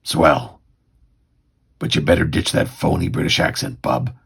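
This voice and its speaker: Wolverine, a man growling gruff and gravelly. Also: extremely low pitch, sing-song, unhurried, a bit bright, full character voice. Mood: wry. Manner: terse, wry tough-guy inner monologue. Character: gruff mutant loner hero, middle-aged man, sardonic.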